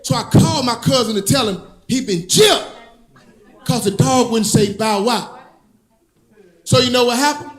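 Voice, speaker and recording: A male stand-up comedian telling stories in an animated, sing-song way, laughing at his own jokes. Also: very high-pitched, moderate pace. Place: comedy club stage.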